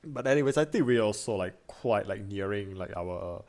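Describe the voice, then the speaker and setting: A young man streaming from his desk, talking loosely to his viewers. His voice sits a bit low, and he rambles through restarts and fillers as if thinking aloud. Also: expressive, moderate pace, darkish tone. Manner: rambling, many fillers and restarts, frequent laughs. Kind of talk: casual stream chat.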